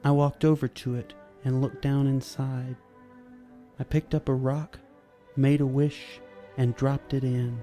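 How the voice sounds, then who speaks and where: A man narrating a story in a measured, steady reading voice, with soft music behind. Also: medium pitch.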